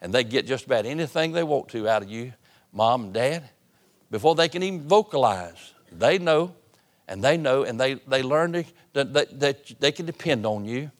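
A man preaching a sermon, swinging between loud appeals and hushed tones. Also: medium pitch, lively intonation, moderate pace. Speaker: pastor. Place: church sanctuary.

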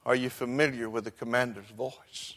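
An older man delivers a sermon at an ordinary middle pitch, his voice ringing in a long hall echo. He drops to near murmurs and then climbs to full shouts. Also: steady tone, moderate pace. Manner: swings from quiet to shouting. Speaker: preacher.

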